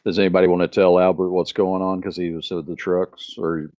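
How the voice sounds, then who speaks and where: A man who is the game master, describing scenes in a laid-back, halting way and asking the players what they do. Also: sits low, level tone, a little mellow, no echo. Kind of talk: narrating a tabletop game. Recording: muffled lo-fi audio.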